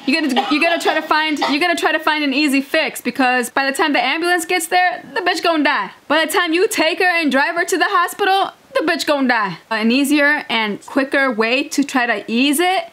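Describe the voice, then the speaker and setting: A woman's voice: high voice, brisk, few pauses, sharp tone. A woman hosting a reaction video, talking casually and bluntly, laughing often and swearing freely.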